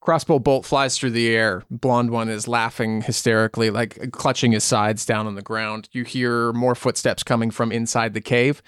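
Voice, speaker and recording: Casting note: male game master, mid-pitched, halting delivery, many "uh"s and "like"s. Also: little pitch movement, fairly bright tone, smooth, no room sound, clean studio sound. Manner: halting, filler-heavy narration. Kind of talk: narrating a tabletop game.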